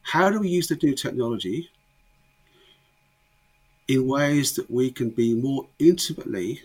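A man speaks in an interview with a husky, slightly breathy voice. He talks with emphasis, often repeating a word as he restarts a thought. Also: medium pitch, lively intonation, unhurried, a little mellow. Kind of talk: conversational interview.

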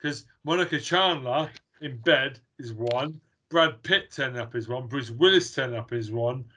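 A man's voice: medium pitch, moderate pace, pushed and bright. A man co-hosting a podcast, talking bluntly and swearing freely in casual chat. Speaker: podcast co-host.

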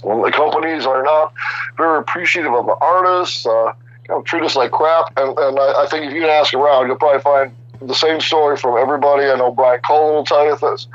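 A man in his sixties, a guest artist, telling casual stories in an animated, rambling way with many restarts. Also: fairly high pitch, fairly quick, muffled recording. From Chicago area. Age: 60s. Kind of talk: casual storytelling interview.

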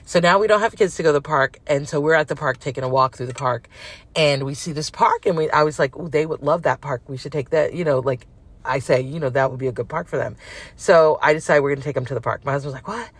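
A woman's voice: deep voice, fast talker, dry recording. A middle-aged woman telling a long personal story in a casual, frank, rambling way with many fillers.

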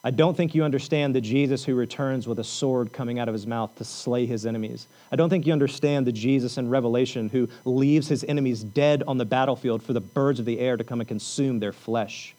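A man preaching a sermon, repeating lines for emphasis and telling the story with animated energy. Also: mid-range voice, brisk, few pauses, low-quality recording. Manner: repetitive, emphatic preaching with rising intensity. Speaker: pastor.

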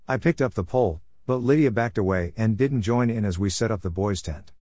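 A man narrating a storybook in a steady, plain reading voice. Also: on the low side, a little fast, no room sound, studio quality.

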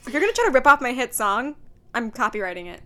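A woman's voice: a little high, sing-song, quick pace, bright, forceful tone. Chatty, playful young woman co-host. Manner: chatty and playful, does mock impressions. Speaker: podcast co-host. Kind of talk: casual chat.

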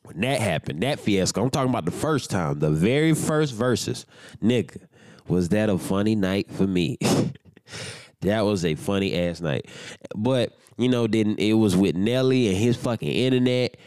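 A young man with a fairly low voice hosts his own podcast and rambles loosely, swearing freely. He sounds sleepy and keeps drifting off track. The sound is dry and close, with no room around it. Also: lively intonation, normal speed, a little mellow, dry recording. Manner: loose, rambling and profane, yawning. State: sleepy, without his morning coffee. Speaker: podcast host. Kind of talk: casual solo podcast chat.

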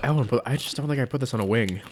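Man, middle-pitched voice, rambling, casual tasting chat. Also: very fast. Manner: rambling, fumbling for words. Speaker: taste tester.

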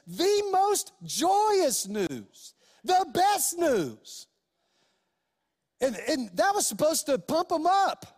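A man preaching a sermon as pastor, passionate and animated, with dramatic emphasis and shifts between excited outbursts and hushed, solemn passages. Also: high voice. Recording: long hall reverb.

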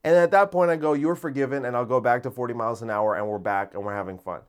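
A man hosting a podcast, telling a story in a casual, profane monologue that gets loud and giddy. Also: mid-range voice, fast talker, smooth. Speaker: podcast host.

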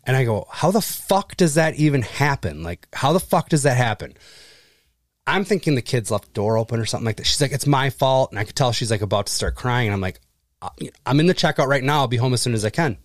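A man's voice: mid-range voice, animated, quick pace, no room sound, clean studio sound. A man in his thirties telling stories on a casual podcast, swearing freely and acting out the people he talks about. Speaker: podcast co-host. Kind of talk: casual chat.

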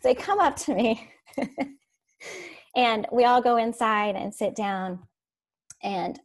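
A woman teacher telling classroom stories in a casual, animated way, laughing as she goes. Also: a little high, slow pace. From Florida. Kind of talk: casual storytelling on a podcast.

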